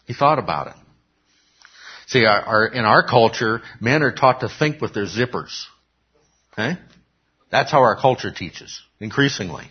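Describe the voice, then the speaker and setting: A male preacher delivers a chatty sermon, his husky voice swinging up and down as he acts out quoted lines. He keeps checking in with listeners. The recording sounds dull and lo-fi. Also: medium pitch, lively intonation, moderate pace, pauses often. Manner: conversational, frequent "okay?" check-ins, acts out quotes.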